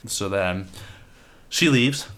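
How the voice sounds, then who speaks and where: A man's voice: fairly low pitch, drawn-out words, a bit bright. A man co-hosting a podcast, brainstorming a story and acting out its characters' lines. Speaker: podcast co-host. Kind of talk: casual brainstorming chat.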